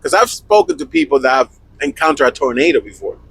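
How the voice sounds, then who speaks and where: A man's voice: a little high, huge pitch swings, fast talker, vocal fry, fairly bright tone, a little hiss or hum, poor audio. A young man with a Spanish accent co-hosting a trucking podcast in a laid-back, joking chat, swearing freely. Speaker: podcast co-host, truck driver. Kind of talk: casual chat.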